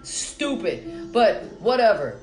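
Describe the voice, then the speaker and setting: A woman's voice: mid-range voice, big pitch swings, takes it slowly, a little mellow. A woman musician delivering an angry, profane, cutting rant straight to her audience. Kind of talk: angry direct-to-camera rant. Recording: roomy echo with faint music.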